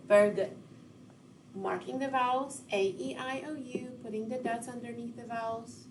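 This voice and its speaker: A woman's voice: a little high, steady tone, moderate pace. Female teacher, patient and encouraging, recorded lesson for kids, faint background noise. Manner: encouraging, patient, speaks directly to students. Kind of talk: recorded classroom lesson for children.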